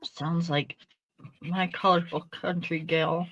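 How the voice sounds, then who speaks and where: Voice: mid-range voice, level tone, takes it slowly, fairly bright tone, dull audio. A co-streamer on a call, chatting casually with joking, teasing asides. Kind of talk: casual chat.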